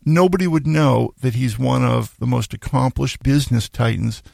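A man's voice: medium pitch, normal speed, gravelly, darkish tone, dry recording, studio quality. A middle-aged man hosting a casual interview show, telling stories and acting out the people he quotes. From Maine. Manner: storytelling, acting out quoted voices, laughs. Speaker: host.

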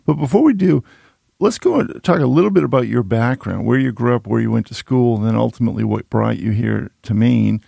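A man's voice: medium pitch, animated, a little fast, creaky, mellow, no room sound, clean studio sound. A middle-aged man from the Boston area hosting an interview, chatty and rambling with self-deprecating asides. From Boston area, Massachusetts. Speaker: podcast host. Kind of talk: casual interview chat.

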